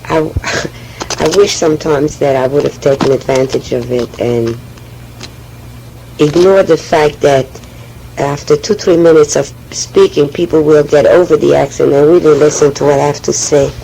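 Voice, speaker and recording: A woman with a French accent, speaking haltingly and often restarting as she tells her personal oral history. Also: low voice, steady tone, gravelly, dark tone, a little hiss or hum, low-quality recording. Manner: hesitant, halting, with frequent restarts. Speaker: memoir speaker.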